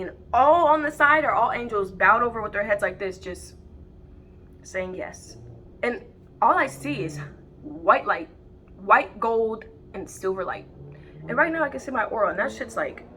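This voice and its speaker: Ranting to camera off the cuff, this self-described psychic medium, a mother, is heated, profane and rambling, restarting again and again. Her fairly high voice sounds pushed and bright, with slight background noise behind it.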